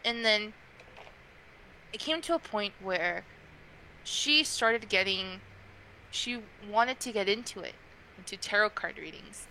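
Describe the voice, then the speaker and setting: Bright-voiced young woman chatting. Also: medium pitch, slow, long pauses, a little hiss or hum, rough recording. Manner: chatty, frequent fillers, animated quoting. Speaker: guest, tarot reader. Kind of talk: casual interview chat.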